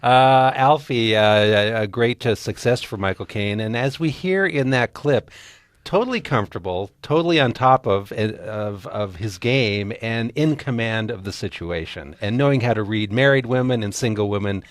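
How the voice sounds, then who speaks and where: A man's voice: fairly low pitch, moderate pace, dry recording. A man co-hosting a movie talk show, chatting enthusiastically and laughing at his own jokes. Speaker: co-host.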